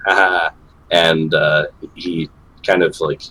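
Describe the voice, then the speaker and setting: A man playing a tabletop game, describing his character in a halting, hesitant way. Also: very deep voice, level tone, sharp tone, rough recording. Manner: hesitant, many fillers and restarts. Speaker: player.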